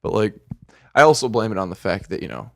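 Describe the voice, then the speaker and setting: Laid-back young man with a gravelly voice. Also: on the low side, lively intonation, fast talker, fairly bright tone, dry recording, clean studio sound. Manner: laid-back, filler-heavy, uses "like" and "dude". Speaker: podcast co-host. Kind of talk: casual chat.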